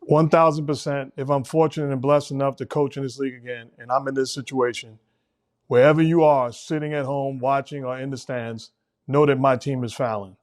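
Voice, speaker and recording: A middle-aged man, a former coach, hosts a casual basketball talk show in a mid-range voice with fairly even intonation and a slightly quick pace. He speaks emphatically, repeating words whenever he drives a point home.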